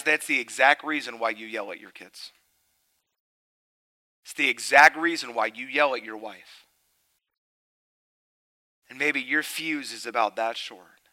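A middle-aged man preaching a sermon. He tells a family story, then turns loud and emphatic. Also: medium pitch, low-quality recording.

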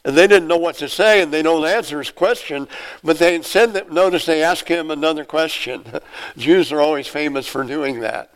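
An older man preaching a sermon with emphatic repetition and sudden loud swells of emphasis. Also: on the high side, normal speed, rough recording. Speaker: pastor.

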